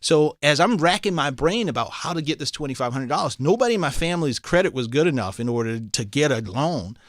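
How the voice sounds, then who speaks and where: A man's voice: fairly high pitch, a little fast, dry recording, clean studio sound. A man in his forties from South Carolina, a guest in a casual interview, telling stories with animation and acting out the voices of the people in them. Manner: animated storyteller who acts out quoted voices. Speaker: political candidate, guest. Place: radio studio. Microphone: studio microphone.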